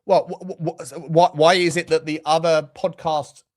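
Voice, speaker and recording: A man's voice: fairly high pitch, flat delivery, normal speed. A man in a casual podcast debate, probing with questions and often restarting his sentences.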